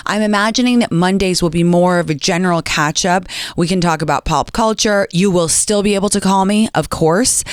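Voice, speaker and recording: A young adult woman hosting a radio show, telling stories in a chatty way and acting out quotes with big jumps in pitch. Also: clear, resonant tone, dry recording, clean studio sound. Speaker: radio and podcast host. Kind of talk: chatty storytelling monologue.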